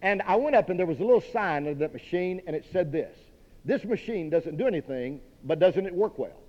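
Folksy preacher in an echoing hall. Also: male voice, high voice, lively intonation, brisk. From Dallas, Texas. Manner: emphatic preaching, direct and folksy. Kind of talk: sermon. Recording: dull long-reverb hall recording.

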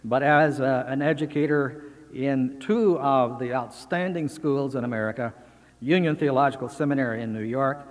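A man formally introducing a guest lecturer, speaking in a measured, slightly halting way. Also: medium pitch. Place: lecture hall. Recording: long reverb from a large hall.

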